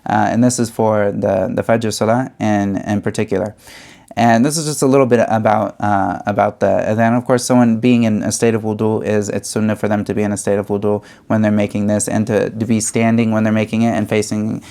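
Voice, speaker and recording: Young male teacher, low-pitched, halting explanatory delivery full of fillers. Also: level tone, creaky, dark tone. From United States. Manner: hesitant, many fillers and restarts. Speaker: religious studies teacher. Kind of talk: explanatory lesson.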